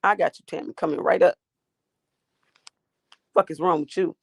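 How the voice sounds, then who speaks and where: A woman's voice: on the low side, steady tone, normal speed, gravelly, slightly rough, dry recording, studio quality. A woman hosting a livestream, ranting and talking back to her chat in a profane, confrontational way. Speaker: livestream host.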